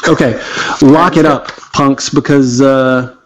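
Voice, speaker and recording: A man of middling pitch runs a tabletop game, joking with the players and tripping over words as he reads aloud. The recording is muffled and lo-fi. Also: steady tone, slow pace. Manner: playful, stumbling over words. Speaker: game master. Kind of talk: casual chat and reading an adventure aloud. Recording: dull, lo-fi sound.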